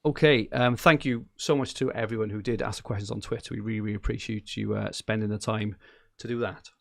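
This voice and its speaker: A man's voice: lowish voice, steady tone, fast talker, creaky, a bit bright, no room sound, studio quality. A man co-hosting a casual podcast, reading out league standings with lots of ums and uhs. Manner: chatty, reads out standings with many fillers. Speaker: podcast co-host.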